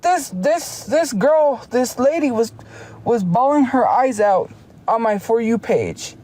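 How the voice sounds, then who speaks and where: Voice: mid-range voice, darkish tone. A streamer ranting heatedly on a casual livestream, often restarting sentences. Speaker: live streamer.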